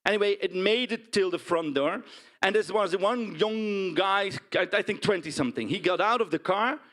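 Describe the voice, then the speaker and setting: An actor with a Dutch accent plays a blunt, indignant pig farmer in a stage monologue, often tagging lines with "huh?" and "right?". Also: male voice, high voice, normal speed. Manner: blunt, animated storytelling with frequent "huh?" and "right?" tags. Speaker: stage performer. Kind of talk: theatrical monologue.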